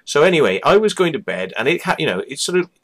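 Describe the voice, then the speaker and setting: A man telling a story to camera in a sweary, animated monologue from a small room at home. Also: fairly high pitch, quick pace. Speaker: vlogger. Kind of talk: casual ranting monologue.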